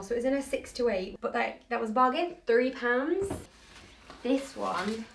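A young woman chatting in a casual clothing try-on haul, bubbly and hyped up. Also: mid-range voice. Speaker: fashion vlogger. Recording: roomy echo, distant mic, faint noise.

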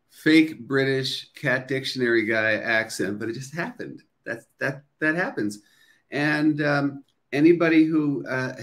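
Upbeat middle-aged man hosting a livestream. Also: mid-range voice. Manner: chatty, upbeat, reads viewer comments aloud with many fillers. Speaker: livestream host. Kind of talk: casual livestream chat.

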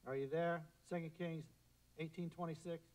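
A middle-aged man delivers a sermon from the pulpit in a high, bright voice. He swings between fervent, loud declarations and hushed, prayerful murmurs. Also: steady tone, normal speed, low-quality recording. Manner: impassioned preaching, swelling to loud declarations and dropping to quiet prayer. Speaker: pastor.

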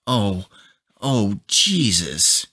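A man with a very deep voice voicing a frightened, fretful young wife in a spoken story, lifting his voice higher for her. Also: sing-song, extremely slow, bright, forceful tone, breathy edge, no room sound, studio quality, heavily acted. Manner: pleading, scolding.

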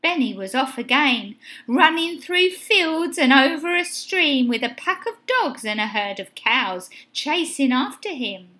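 A woman teacher reading a children's picture book aloud in an expressive, sing-song way. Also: high-pitched, measured pace, few pauses. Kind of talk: storybook read-aloud.

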